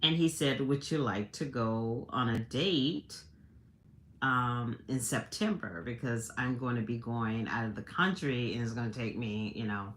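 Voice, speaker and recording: Very low-voiced, slow-talking woman telling a story. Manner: chatty, laughing, with many restarts. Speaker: livestream host. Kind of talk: casual storytelling to a live audience.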